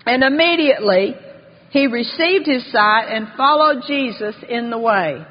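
A woman's voice: a little high, animated. Fervent woman preaching in a hall. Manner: fervent, slows and rises for emphasis, reads scripture aloud. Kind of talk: sermon. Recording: dull long-reverb hall.

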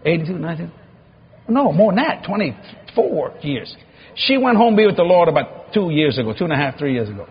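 A man's voice: on the high side, sing-song, a little fast, lo-fi sound, a little hiss or hum. A man, a pastor telling a story in a sermon, acting out the dialogue and laughing often. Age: 50s.

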